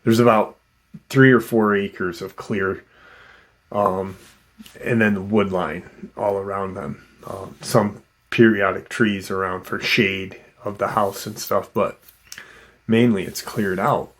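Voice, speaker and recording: Man, storyteller, low voice, unhurried, rambling, lots of fillers. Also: steady tone. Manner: rambling, many fillers and restarts. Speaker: host retelling a witness's encounter. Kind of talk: casual spoken storytelling.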